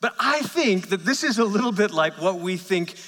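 Guy in his 30s preaching, high bright voice, chatty storyteller, lots of hall echo. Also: lively intonation, moderate pace. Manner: conversational storytelling with self-deprecating asides. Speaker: pastor. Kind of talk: sermon. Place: church sanctuary. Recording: church hall with long reverb.

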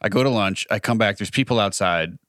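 A man's voice: on the low side, a little fast, a bit bright, no room sound. A man co-hosting a podcast in casual chat, a dry storyteller who throws in quips and mock voices. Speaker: podcast co-host.

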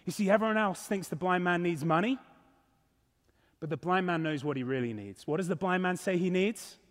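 A man's voice: high-pitched, fairly quick, big-room sound. A male pastor preaching a sermon in a church, earnest and emphatic. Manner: earnest, emphatic, rising and falling.

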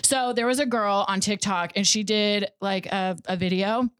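A woman's voice: medium pitch, steady tone, normal speed, fairly bright tone, no echo, studio quality. Laughing, swearing woman on a podcast. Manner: laughs often, swears freely. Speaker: podcast co-host. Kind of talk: casual chat. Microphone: studio microphone.

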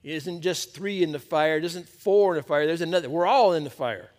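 A male pastor giving a sermon to a men's Bible study, preaching in a conversational, emphatic way that drops to a hush at times. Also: on the high side, a little fast.

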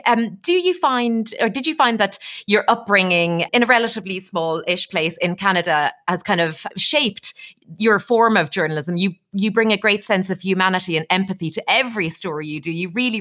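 A woman's voice: mid-range voice, fairly bright tone. A woman with an Irish accent interviewing a guest in a casual, self-deprecating, appreciative way. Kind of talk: conversational interview.

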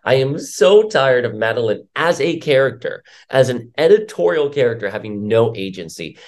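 A man's voice: mid-range voice, very animated, moderate pace, darkish tone. A man giving casual, opinionated commentary as a comic book reviewer, rambling with filler words.

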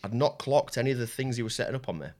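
A man's voice: medium pitch, racing, a little mellow. A man with a Yorkshire accent, a jiu-jitsu coach and guest on a podcast, telling candid stories in casual talk, with frequent restarts and swearing. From Yorkshire, England.

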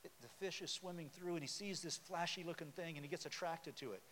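A man's voice: fairly high pitch, quick pace, fairly bright tone. A man preaching a sermon in a church sanctuary, talking conversationally and quizzing the congregation with questions. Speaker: pastor. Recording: long hall reverb with faint hiss.

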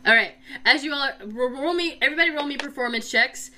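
A woman's voice: high-pitched, fast, bright, forceful tone, slight background noise. A woman narrating a tabletop role-playing game as dungeon master, chatty and laughing often, with many fillers.

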